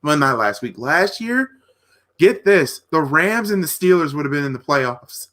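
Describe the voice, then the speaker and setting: A man's voice: a little high, sing-song, unhurried, a bit bright. A man co-hosting a casual sports talk podcast, ranting in a heated way and reading notes off his phone. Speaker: podcast co-host.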